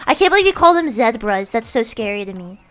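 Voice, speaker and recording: A woman's voice: on the high side, very animated, fast talker, faint music behind. An American woman hosting a stream in a casual, giggly and playful chat. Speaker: streamer host.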